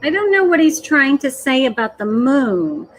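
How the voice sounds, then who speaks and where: A woman psychic medium giving a live-streamed reading, gentle and hesitant, filling pauses with "okay" and "um". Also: high-pitched, big pitch swings, poor audio. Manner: slow, hesitant, full of "okay" and "um".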